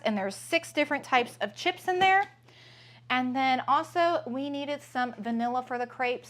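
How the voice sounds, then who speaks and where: In a casual grocery haul filmed at home, a mother and family vlogger chats in a high, fairly bright voice. She sounds upbeat and talkative, filling her speech with plenty of "um"s.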